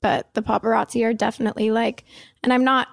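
A woman's voice: a little high, little pitch movement, fast, creaky, no echo, clean studio sound. A woman in her twenties telling a story in casual chat, laughing easily and full of "like". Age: 20s. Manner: chatty, lots of likes, laughs easily.

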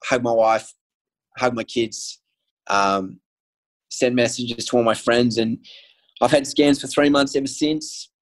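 A man's voice: medium pitch, fairly even intonation, a little slow, pauses often, poor audio. A man, a guest telling a personal story in casual conversation, earnest and candid, with frequent ums and restarts. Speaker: guest sharing his story.

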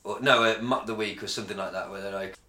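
A man's voice: on the low side, quick pace, echoey room. A man from England co-hosting a podcast in casual chat, sweary and rambling, telling stories with lots of energy. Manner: sweary, rambling, animated storytelling. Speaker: podcast co-host.

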